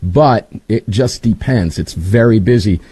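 A man hosting a talk radio show from his studio, energetic and chummy. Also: fairly low pitch, a little slow, husky, no room sound. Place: home studio.

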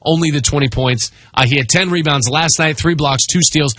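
A man hosting a sports radio show, talking in an animated way and reading ad copy briskly. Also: on the high side, dry recording. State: losing his voice.

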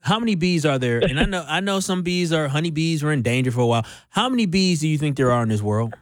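A man's voice: a little high, lively intonation, fast talker, dry recording. A man hosting a radio sports talk show, bantering and mocking, acting out other people's lines.

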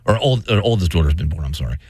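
A man's voice: low voice, lively intonation, rapid-fire, a little mellow, husky, no echo, clean studio sound. A man co-hosting a radio show in casual, playful banter. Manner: playful, jokey, breaks into laughs. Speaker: radio co-host.

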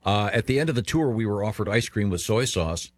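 A man's voice: fairly low pitch, animated, quick pace, no room sound. A man co-hosting a casual talk show, making dry, wry jokes. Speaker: co-host. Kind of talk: casual radio chat.

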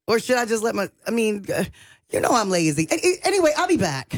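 Playful animated woman radio host. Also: on the high side, fast talker, dry recording. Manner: playful, self-mocking, animated. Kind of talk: casual radio chat.

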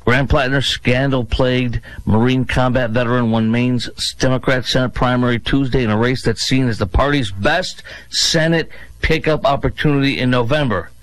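Filling in as a talk radio host, a man offers sarcastic, mocking political commentary with exaggerated pitch swings. His tone is steady at normal speed, in a low-quality recording without echo.

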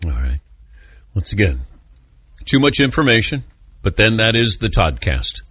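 A man hosting a sports talk radio show, brisk and conversational with callers and guests. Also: on the low side, sing-song, fairly bright tone, slightly rough, dry recording.

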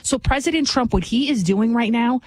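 A woman's voice: on the high side, moderate pace, a little mellow, no echo, poor audio. A woman giving an impassioned political monologue as a commentator, emphatic and repetitive, often tagging lines with a rhetorical "right?".

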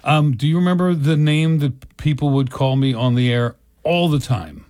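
A man's voice: a little high, moderate pace, darkish tone, no echo, clean studio sound. A man co-hosting a radio show, joining in wry banter. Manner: wry, agreeable banter with laughs. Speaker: radio co-host. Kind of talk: casual on-air chat.

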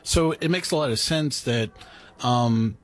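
A man's voice: mid-range voice, a little slow. A man hosting a drinks show, chatting loosely with lots of fillers and restarts. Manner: loose, rambling talk with many fillers and restarts. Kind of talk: casual chat.

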